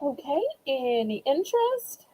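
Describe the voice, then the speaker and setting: A woman runs a live-stream auction from her home and talks straight to her viewers on a webcam. Her voice sits a little high and sounds mellow and dark, and she talks slowly and gently, moving from holding back tears to warm, homey sales talk. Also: very animated, rough recording. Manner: emotional, holding back tears, then cheerful product pitching.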